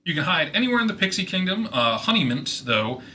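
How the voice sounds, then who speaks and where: A man's voice: high voice, a little fast. Loose, rambling male game master. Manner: relaxed, stumbling narration full of fillers. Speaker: dungeon master. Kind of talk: narrating a tabletop game.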